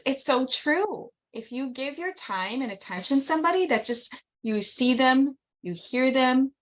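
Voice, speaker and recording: A woman's voice: a little high, a bit bright, lo-fi sound. A woman hosting a podcast, chatting casually in an effusive, enthusiastic way. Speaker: podcast host. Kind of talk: casual chat.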